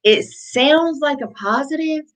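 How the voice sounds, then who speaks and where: A woman's voice: high-pitched, slow pace, low-quality recording. Woman life coach, repetitive conversational delivery. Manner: conversational, repeats phrases for emphasis. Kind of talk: motivational coaching talk.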